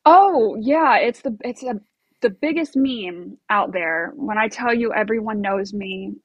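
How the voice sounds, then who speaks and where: A woman's voice: mid-range voice, expressive, unhurried, slightly rough, no echo, lo-fi sound. A woman telling a story as an interview guest, bubbly and chatty with many fillers and laughs. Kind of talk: casual storytelling.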